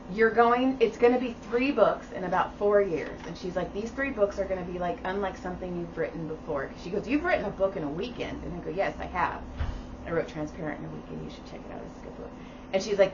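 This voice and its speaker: A middle-aged woman co-hosting a podcast, telling a story in a casual, profane way and acting out the voices of the people she quotes. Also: medium pitch. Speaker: podcast co-host. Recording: distant, dull sound with steady background noise.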